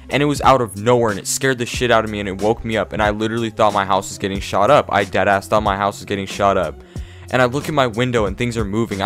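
A young man vlogger telling an animated, profane story in casual talk. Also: lowish voice. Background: faint background music.

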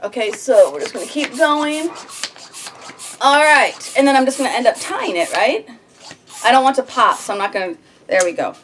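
A woman's voice: fairly high pitch, sing-song, moderate pace, pauses often, a little hiss or hum. A woman vlogging at home on her homestead, talking herself through a fiddly craft in a fretful, slightly whiny way. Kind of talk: casual self-talk while crafting. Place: at home on a farm.

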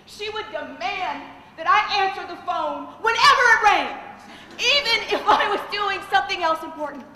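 A woman's voice: very high-pitched, expressive, moderate pace, bright, forceful tone, a little hiss or hum, pitched above the performer's own voice, exaggerated voice. A woman voicing a tearful young woman, a distressed receptionist who speaks in a pleading, indignant tone. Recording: echoey hall.

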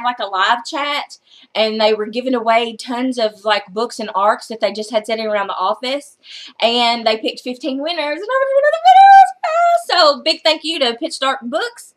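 An excitable woman vlogger with a somewhat high voice talks loosely through a book haul. She gushes over what she loves and drops the odd casual curse, all in easy chat. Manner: chatty and excitable, gushing, casual swearing.

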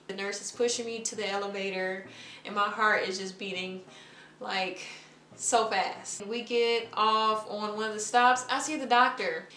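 A woman's voice: medium pitch, steady tone, moderate pace, fairly bright tone. Chatty woman telling a story, roomy sound. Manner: chatty, filler-heavy, re-enacts her own nervous words. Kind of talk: casual storytime vlog.

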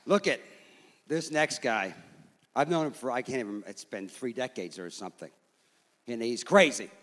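A man's voice: medium pitch, lively intonation, normal speed, fairly bright tone. A man hosting a comedy show, joking loosely and crudely between acts. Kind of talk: stand-up emcee patter. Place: comedy club stage with live audience. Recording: live club recording with reverb and crowd.

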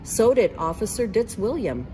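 A woman's voice: mid-range voice, big pitch swings, normal speed, mellow, a little hiss or hum. A woman reading a children's picture book aloud, narrating expressively and voicing the characters.

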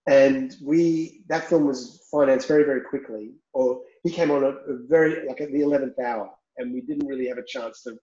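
A man's voice: mid-range voice, steady tone, moderate pace, few pauses, warm tone. Frank man, roomy dull sound. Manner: frank and upfront, swears casually. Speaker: film director, guest. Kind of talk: candid interview talk. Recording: roomy, slightly dull recording.

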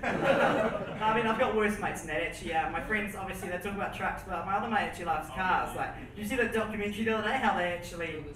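Nervous rambling young New Zealand comedian. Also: male voice, sits high, fast talker. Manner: nervous, rambling, laughs at own jokes. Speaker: stand-up comedian. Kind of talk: stand-up set. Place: comedy venue with audience. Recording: roomy, distant mic with background noise.

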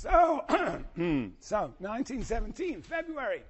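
An older man giving a university lecture, his voice going hoarse, lively and acting out quotes. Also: normal speed. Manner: animated, acts out quotes with sudden high pitch. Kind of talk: classroom lecture. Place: lecture hall.

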